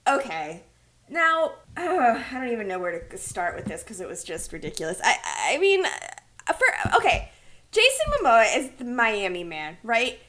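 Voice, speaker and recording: A woman co-hosting a casual movie review chat, animated and exasperated, laughing often. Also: fairly high pitch, moderate pace. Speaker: podcast co-host.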